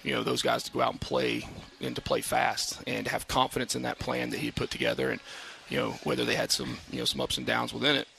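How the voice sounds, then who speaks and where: On a live radio show broadcast from an outdoor brewery patio, a head football coach gives a casual interview. His medium-pitched, gravelly voice is bright and forward, and he halts and restarts often, filling gaps with "you know." Once he gets into a story, he picks up and turns animated.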